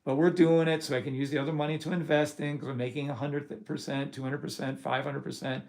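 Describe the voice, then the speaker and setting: A middle-aged man hosting a live trading stream, talking bluntly and profanely and working himself up into loud rants. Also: fairly high pitch, little pitch movement, quick pace, creaky. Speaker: trading course host. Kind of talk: live-stream talk to viewers.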